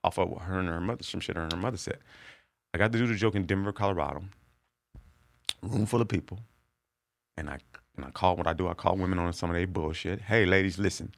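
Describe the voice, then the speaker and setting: A middle-aged man, a comedian, telling a profane story with loud bursts of laughter on a podcast. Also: low voice, fast, vocal fry, pauses often, no room sound. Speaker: comedian guest.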